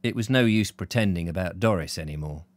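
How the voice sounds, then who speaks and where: With a low, brisk voice in a dry recording, a British man performs a live reading of a novel like a storyteller. Then he turns to his viewers, chatting and warmly reading their comments aloud.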